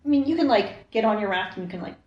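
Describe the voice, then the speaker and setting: A woman's voice: mid-range voice, animated, recorded from a distance, muffled recording. A woman narrating a tabletop game as game master, describing scenes in a chatty, easygoing way. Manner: chatty, descriptive, quick asides. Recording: echoey room.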